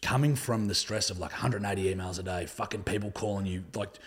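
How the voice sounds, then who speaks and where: A man's voice: fairly low pitch, fast, breathy edge. A young Australian man telling stories in a casual, laid-back way, swearing often and filling his talk with "like". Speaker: podcast guest. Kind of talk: casual conversational storytelling.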